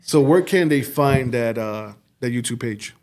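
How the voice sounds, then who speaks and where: A man hosting a podcast interview, asking relaxed, joking questions. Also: medium pitch, a little slow, a loud crowd. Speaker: podcast host. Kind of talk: casual interview.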